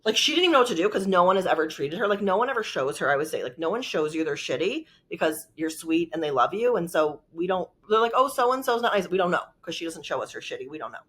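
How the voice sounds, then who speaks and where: A woman's voice: on the low side, animated, quick pace, hardly any pauses, a bit bright, slightly rough. Rambling woman telling a story. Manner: rambling, lots of "like", emotional. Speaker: vlogger. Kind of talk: casual storytelling.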